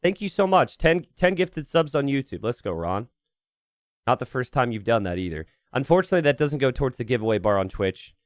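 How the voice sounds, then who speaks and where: A man's voice: mid-range voice, very animated, brisk, no room sound, studio quality. A man casting a strategy game live, chatting casually and rambling as he reads and answers his chat. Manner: chatty and rambling, thinks aloud and talks to chat. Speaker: game caster and streamer. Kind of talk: casual live-stream commentary.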